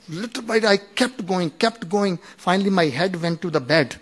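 A man in his fifties shares a personal story at a relaxed storytelling pace, his slightly rough voice sitting a little high for a man. He stumbles and restarts often, saying "you know" a lot, then acts out quoted lines with sudden bursts of force in an animated retelling.

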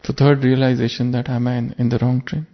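A man's voice: mid-range voice, level tone, quick pace. A man giving a reflective spiritual sermon, asking his listeners searching questions. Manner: earnest, reflective, poses rhetorical questions. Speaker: spiritual teacher. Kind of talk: sermon with parable. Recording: muffled lo-fi recording.

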